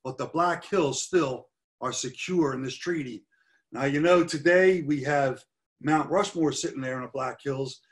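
A man's voice: a little high, measured pace. A middle-aged man giving a history lecture over slides, earnest and stressing key points by repeating them. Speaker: history presenter.

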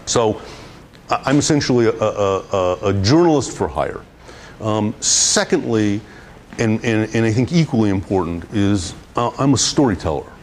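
A man giving a guest lecture on public relations to students, telling an animated anecdote in a classroom and often repeating and restarting his words. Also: lowish voice, moderate pace, slight background noise.

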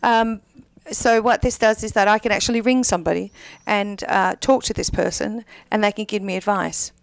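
An Australian woman chatting casually on a talk show, upbeat and talkative as she pitches her business services. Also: fairly even intonation, normal speed, creaky, dry recording. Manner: chatty, upbeat, self-promoting. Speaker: payroll services guest.

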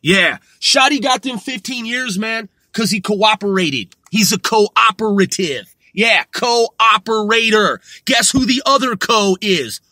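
Man, commentary vlogger, scornful profane rant; husky, sharp tone. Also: high voice, animated, unhurried, few pauses, dry recording, clean studio sound. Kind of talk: ranting commentary.

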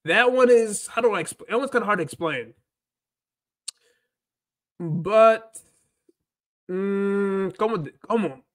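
A man's voice: high-pitched, slow, long pauses. A man hosting a casual livestream about learning, rambling and thinking aloud as he talks. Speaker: livestream host and Spanish learner.

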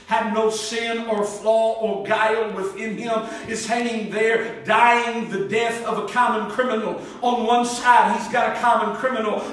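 A male pastor preaches with a high, bright, ringing voice, swinging between loud emphatic passages and soft low stretches. He reads scripture slowly and deliberately. He is recorded from a distance in a very echoey church sanctuary. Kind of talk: sermon. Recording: very echoey room, distant mic.

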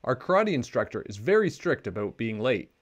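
A man's voice: medium pitch, a little fast. A man voicing a young boy bear cub from a storybook, eager and upset. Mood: urgent. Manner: excited, urgent.

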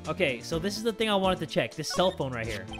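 A man's voice: on the high side, sing-song, fast, a bit bright, faint music behind. A man hosting a game playthrough, chatting casually and joking, and losing his voice. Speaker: gaming video host. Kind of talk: let's play commentary.

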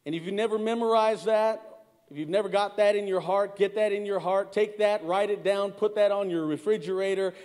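A man's voice: high voice, steady tone, fairly quick, darkish tone, big-room sound. A middle-aged man preaching a sermon as pastor, speaking conversationally, repeating words and calling out to the congregation. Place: church sanctuary.

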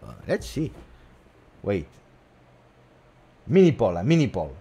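A man's voice: on the low side, wildly swooping pitch, takes it slowly, warm tone, breathy edge, dull audio. A man hosting a casual livestream chat, teasing and repeating words for effect. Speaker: host of a football fan channel.

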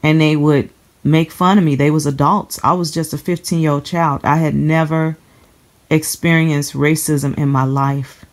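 This is a Chicago-area woman's testimony to camera, given in a low voice with a flat delivery. She sounds earnest yet hesitant, frequently repeating herself as she keeps her emotions contained.

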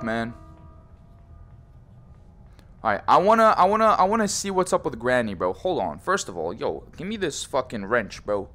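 A man's voice: medium pitch, sing-song, a little fast, hardly any pauses, fairly bright tone. A young man commenting on a horror VR game, joking, swearing and teasing, often saying bro. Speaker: gaming YouTuber.

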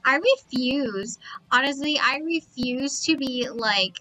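A young woman live-streaming a racing game, talking with the chat and repeating excited exclamations as she plays. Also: sits high, slow pace, poor audio. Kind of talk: excited gameplay commentary.

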